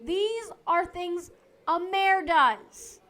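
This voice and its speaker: A woman's voice: very high-pitched, lively intonation, drawn-out words, fairly bright tone, full character voice. A woman voicing a practical young assistant who speaks dryly and matter-of-factly in an amateur fan dub. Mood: deadpan. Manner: dry, matter-of-fact.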